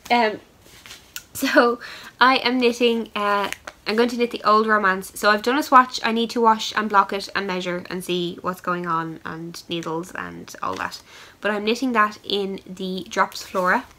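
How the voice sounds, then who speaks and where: A woman's voice: medium pitch, unhurried, sharp tone, slight background noise, poor audio. A woman hosting a knitting podcast, chatting casually and rambling with plenty of fillers as she shows yarn to the camera. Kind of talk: casual chat showing yarn.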